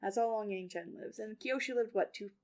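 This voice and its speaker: A lively woman guest chatting about a book, quick and animated at a middle pitch. She laughs easily between points. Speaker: guest reader. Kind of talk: casual book discussion.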